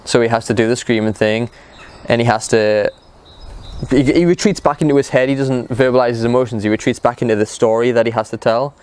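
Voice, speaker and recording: A young man casually retelling a story, talking in a loose, animated way with lots of "like" and "um". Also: medium pitch, fairly quick, clean tone. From United Kingdom. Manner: animated retelling, filler-heavy with frequent "like" and "um". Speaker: motivational show co-founder.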